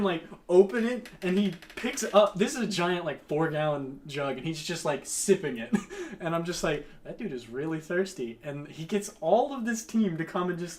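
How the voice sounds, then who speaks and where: A young man chatting casually and telling a story, laughing often and acting out what people said. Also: on the high side. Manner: animated, laughing often, acts out quotes.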